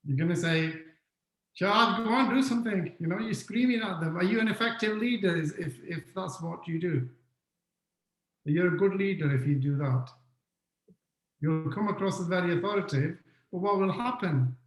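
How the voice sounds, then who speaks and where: Male webinar speaker, fairly high voice, interactive lecturer who repeats key points; echoey room. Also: moderate pace. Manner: questions the audience often, repeats key points.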